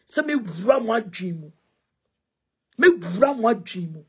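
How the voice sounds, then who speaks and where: A Ghanaian woman with a high-pitched voice speaks with passion and confrontation. She switches freely between Twi and English and addresses her listeners directly and forcefully. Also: animated, normal speed, slightly rough. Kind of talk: impassioned spoken response.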